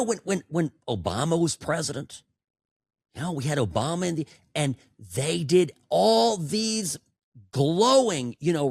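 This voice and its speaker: A podcast host with a gravelly voice on the high side delivers a sarcastic political monologue into a studio mic, often stumbling and repeating words. The recording is dry.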